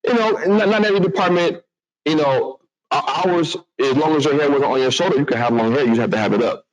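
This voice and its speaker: Animated man telling a story. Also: fairly high pitch, fast, dull audio, crowd noise. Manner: animated, acts out other voices, restarts a lot. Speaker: public speaker telling a personal story. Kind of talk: storytelling talk to an audience.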